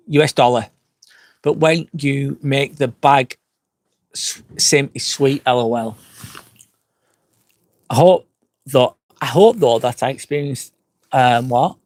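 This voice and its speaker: A man's voice: fairly high pitch, dry recording. Man from England, tipsy, swears a lot, rambling live-stream chat, dry close sound. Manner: rambling and profane, reads out viewer comments. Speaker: vlogger hosting a live stream. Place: outdoors by a fire pit at a glamping site.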